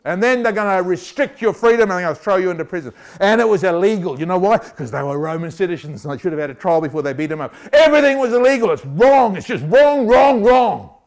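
A man preaching with a bright, high-set voice that stays clean and clear. He delivers the sermon in an animated, playful way, teasing his listeners and acting out little scenes. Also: fast, hardly any pauses. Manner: animated, jokey, acts out voices. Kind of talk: lively sermon.

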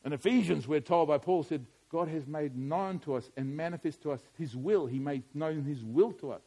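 A middle-aged man preaching a sermon, moving from quiet musing to loud, emphatic preaching. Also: fairly high pitch, normal speed, breathy edge.

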